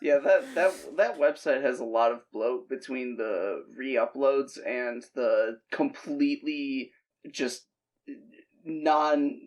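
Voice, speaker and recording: A man's voice: medium pitch, slow. A man co-hosting a comedy podcast, talking in rambling, restarting sentences with chuckles. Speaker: podcast co-host. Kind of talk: casual comedic chat.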